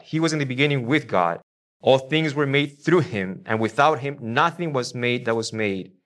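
Guy preaching to his church, mid-pitched voice, gets loud then drops real quiet, keeps asking the crowd questions. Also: normal speed. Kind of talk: sermon. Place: church before a congregation.

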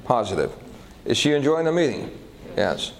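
A man's voice: medium pitch, moderate pace, poor audio. A male pastor preaching a sermon, telling a story and checking in with the audience through questions. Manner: animated, asks the audience questions.

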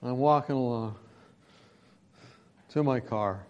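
A man preaching, telling a personal story in a lively, self-deprecating way. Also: mid-range voice, takes it slowly, muffled recording. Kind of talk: sermon storytelling.

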